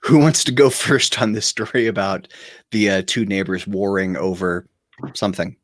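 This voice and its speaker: A man's voice: on the low side, fairly even intonation, normal speed, no echo, clean studio sound. A man from Oklahoma hosting over a video call, reading news stories aloud and adding wry jokes. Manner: wry, joking asides while reading. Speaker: show host and judge.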